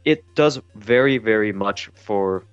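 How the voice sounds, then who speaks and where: A man's voice: fairly low pitch, a little slow, clean tone, no room sound, lo-fi sound, faint music behind. A man casting a live esports match, often tripping over his words and restarting sentences. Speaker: esports caster.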